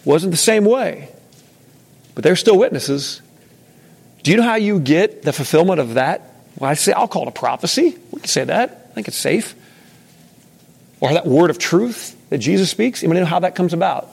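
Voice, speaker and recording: A man teaching a Bible study leads an interactive lesson, chatting casually and asking the room questions. His voice is high, animated and a bit rough, gravelly with a darkish tone, at a moderate pace broken by long pauses.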